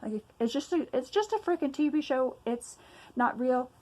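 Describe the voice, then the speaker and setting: A young woman vents in a casual personal rant, her voice pitched a little high. She sounds agitated and emphatic, sighing often and swearing as she goes, recorded at home. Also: expressive, moderate pace, a little mellow, rough recording. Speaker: vlogger.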